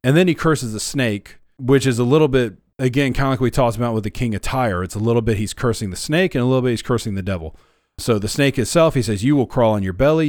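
A man's voice: medium pitch, a little mellow, dry recording, studio quality. A man co-hosting a podcast Bible study, retelling scripture scenes in plain words with some fillers. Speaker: co-host, former youth minister. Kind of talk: conversational Bible study discussion.

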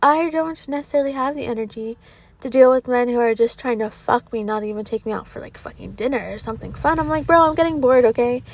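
A woman's voice: fairly high pitch, quick pace. A woman in her thirties telling a candid, profane, rambling story to her viewers in casual vlog style. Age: 30s. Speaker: social media creator.

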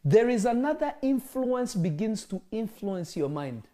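A woman's voice: fairly high pitch, very animated, measured pace, mellow. A woman teaching scripture, pressing her listeners with questions and laughing often. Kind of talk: interactive Bible teaching.

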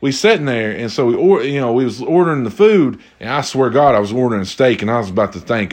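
A man telling a casual story to viewers, animated and exasperated, rambling and repeating himself. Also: medium pitch, fast talker, hardly any pauses.

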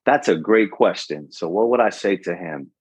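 Husky, deep-voiced retired Navy man. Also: lively intonation, moderate pace, dry recording. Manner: earnest, motivational, many fillers and restarts. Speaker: retired Navy chief, podcast guest. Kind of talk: casual interview talk. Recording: dull, muffled podcast audio.

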